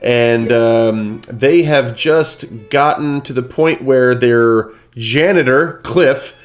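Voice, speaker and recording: A man running a tabletop game over a video call, chatty and rambling with plenty of filler words. His voice sits in an ordinary middle pitch, with faint music underneath. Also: slow pace. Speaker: game master. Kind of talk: casual live-stream game hosting.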